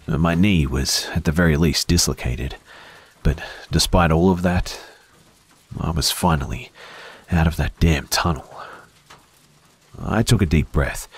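Man, very deep voice, husky, hushed dramatic horror narration, drops to whispers. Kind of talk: scripted first-person horror narration.

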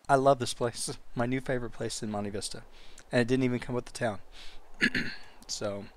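A man's voice: medium pitch, fairly even intonation, measured pace, pauses often, noisy background. A man giving casual let's play commentary, chatty and talking directly to his game characters.

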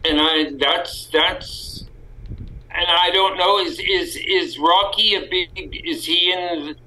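Canadian male guest actor, slow-paced, very bright voice, rambling candid delivery. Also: high voice, steady tone, rough recording. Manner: rambling, self-correcting, candid. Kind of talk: casual podcast interview.

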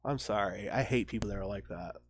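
A man's voice: fairly low pitch, a little fast, no room sound. A man hosting a let's play, reading the game's dialogue aloud and chatting with apologetic asides. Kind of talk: casual gameplay commentary.

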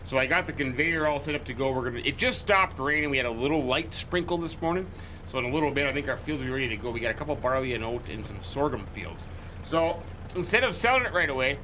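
A man hosting a farming game video, chatting in character with folksy, jokey storytelling and quick exclamations. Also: medium pitch, pushed and bright, a little hiss or hum. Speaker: gaming channel host. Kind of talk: in-character let's-play commentary.

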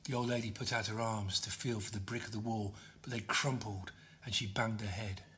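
A man reading his own novel aloud as an audiobook, steady storytelling. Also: lowish voice, moderate pace. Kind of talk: audiobook narration.

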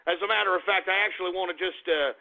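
A man's voice: high-pitched, racing, creaky. An actor playing a furious, paranoid male conspiracy radio host who sputters, swears and repeats himself on a comedy radio show. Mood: indignant ranting. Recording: tinny phone-like radio audio.

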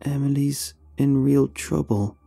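A man's voice: medium pitch, fairly even intonation, slow, creaky, warm tone, husky, soft background music, voice pushed up, exaggerated voice. A man voicing an uncanny young man in a horror story, speaking insistently with a dead-faced, repetitive delivery. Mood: insistent flat. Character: young man, uncanny flat-voiced friend.

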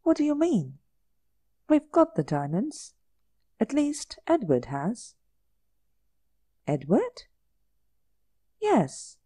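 A woman reading as a daring young society lady, high and eager. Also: huge pitch swings, extremely slow, long pauses, mellow, slightly rough, no echo, heavily acted. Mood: puzzled.

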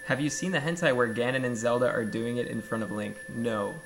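A man's voice: medium pitch, fairly quick, gravelly, music in the background. A man streaming a game live, joking crudely with his chat and swearing often. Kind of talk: live-stream gameplay commentary.

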